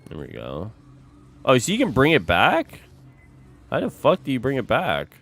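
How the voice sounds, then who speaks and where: Soft music plays in the background as a young man with a mid-range voice streams at normal speed. He chats casually and animatedly with viewers, swearing a lot and saying bro constantly.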